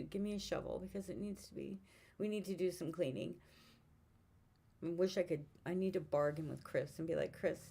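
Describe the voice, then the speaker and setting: A woman's voice: fairly low pitch, darkish tone. A woman in her fifties venting in a rambling, frustrated way, swearing often, with her mic set far away. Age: 50s. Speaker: vlogger. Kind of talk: casual venting monologue.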